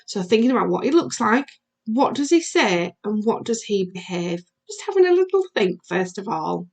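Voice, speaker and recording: A primary school teacher recording a video lesson for young children, asking questions in a sing-song way. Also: female voice, mid-range voice, big pitch swings, moderate pace, darkish tone.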